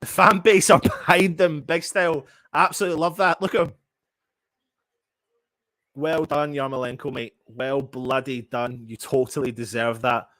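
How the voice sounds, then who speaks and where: A young man giving excitable, emotional fan play-by-play during a live match watchalong. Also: mid-range voice, normal speed, no room sound. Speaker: fan commentator.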